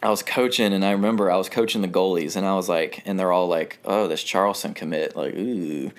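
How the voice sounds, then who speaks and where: A man's voice: low voice, fairly even intonation, brisk, clean tone. A man in his twenties from North Carolina, a guest telling his story in casual talk, rambling with fillers and frequent laughs. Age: 20s.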